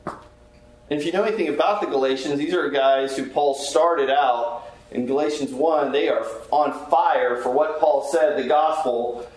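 A chaplain leads a Bible class, talking earnestly and conversationally and posing questions to the group. His voice is fairly high with a darkish tone and a measured pace. The room is very echoey, with faint hiss in the background.

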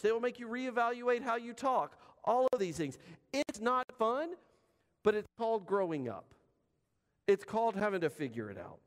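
High-voiced preacher in an echoing hall. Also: male voice. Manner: conversational preaching with emphatic pauses. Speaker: pastor. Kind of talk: sermon.

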